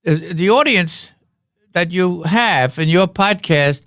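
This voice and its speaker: A man's voice: sits high, animated, slow pace, a bit bright, no room sound, studio quality. An older man, a guest on a podcast, telling rambling anecdotes and jokes in a casual way. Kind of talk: casual storytelling. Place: podcast studio.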